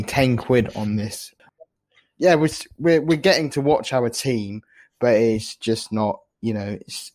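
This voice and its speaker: Male panelist, hesitant, stumbles and restarts, ordinary mid pitch. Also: a little mellow. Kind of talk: casual chat.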